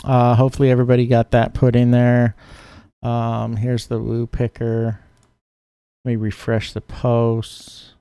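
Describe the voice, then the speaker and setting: A man's voice: medium pitch, completely flat delivery, unhurried, dark tone, clean tone, no room sound. A man co-hosting a live online show, chatting loosely with many fillers while running a giveaway. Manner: chatty, rambling, lots of fillers. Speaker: co-host of a live fish-keeping show. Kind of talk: live-stream chat with giveaways.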